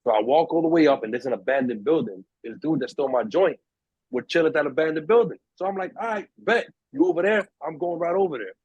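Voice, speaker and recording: A young man spins a story for his friends on a podcast, jumping into high, excited voices for the people in it. His voice is a little husky, and the room sounds dry and close. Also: quick pace, no room sound, muffled recording. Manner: animated storyteller, acts out voices in quotes. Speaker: podcast host. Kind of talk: casual storytelling among friends.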